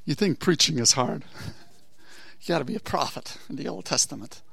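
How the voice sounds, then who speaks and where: A man preaching a sermon, telling a Bible story with asides and rhetorical questions, moving from low murmurs to loud exhortation. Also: animated, normal speed, vocal fry, slightly rough, no room sound. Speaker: pastor.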